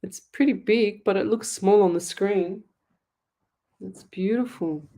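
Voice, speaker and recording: A woman's voice: mid-range voice, unhurried, dark tone. Chatty Australian woman greeting viewers. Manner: chatty, greets viewers by name, laughs easily. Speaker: psychic medium hosting a live stream. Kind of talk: casual live-stream chat.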